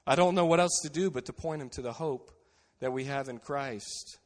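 A pastor preaches in a mid-range male voice, earnest and unhurried. He sinks to a hushed tone to drive home his main lines. His voice rings with the long reverb of a large hall. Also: medium pitch. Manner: earnest preaching, drops to quiet emphasis on key phrases. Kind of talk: sermon.

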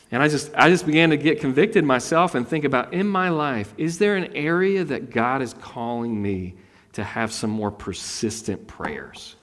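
A pastor in his thirties preaches in an animated, conversational way, now and then breaking into high, loud voices to play out a story. His voice sits at a middling pitch. A long hall reverb trails each phrase from the church sound system. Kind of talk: sermon.

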